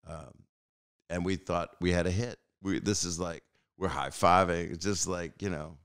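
Very deep, gravelly man telling stories. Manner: rambling, halting, with many fillers and restarts; animated, acts out other people's lines. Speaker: podcast host. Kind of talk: casual storytelling.

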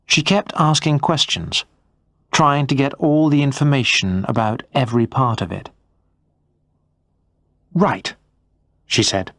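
A man narrating a first-person story for English learners in a slow, clear, measured reading. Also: medium pitch, fairly bright tone, dry recording, clean studio sound.

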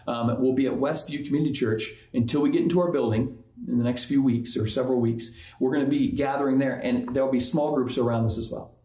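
A man's voice: fairly high pitch, a little mellow. A man preaching in an echoey room. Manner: conversational, restarts and repeats words. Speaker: pastor. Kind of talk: sermon. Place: church.

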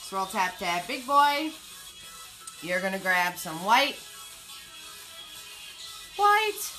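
A woman's voice: lowish voice, moderate pace, sharp tone, soft background music, poor audio. A woman leading a live online painting class, chatty and playful, repeating her cue words in a sing-song way. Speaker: paint party instructor.

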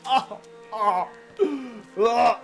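An excitable let's-play commentator who keeps up a joking running banter with the viewer and yelps and curses at every jump scare. The voice sits at an ordinary middle pitch, with game music playing clearly underneath throughout. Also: very slow. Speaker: gameplay commentator.

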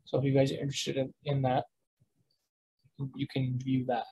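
A teacher giving a live online lesson while sharing the screen, explaining step by step in a halting way with frequent restarts and quick checks with the class. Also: mid-range voice, completely flat delivery, mellow, husky. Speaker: language teacher.

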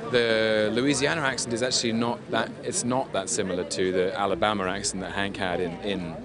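A man's voice: fairly low pitch, level tone, fairly quick. A British man, an actor, chatting animatedly in an interview at a premiere, laughing and restarting his sentences as he talks. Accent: British English. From Britain. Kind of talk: red carpet interview. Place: outdoors at a busy premiere. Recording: loud crowd behind. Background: crowd noise.

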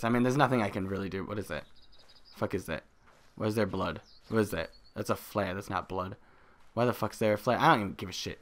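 A man giving joking let's play commentary on a horror game, loud and rambling, swinging between shouting and muttering. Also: fast. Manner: reads in-game notes aloud in a low flat voice. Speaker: gaming video creator.

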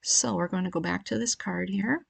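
A woman's voice: mid-range voice, moderate pace, gravelly, slightly rough. A woman giving a recorded grammar lecture, explaining patiently and reading through the cases from a grammar book. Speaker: Greek grammar teacher. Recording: questionable home audio.

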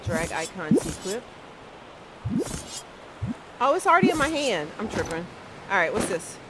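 This gaming streamer is a woman with a medium-pitched, sing-song voice and a moderate pace, heard over heavy background noise. She laughs frequently and talks straight to her chat while commenting casually on the game.

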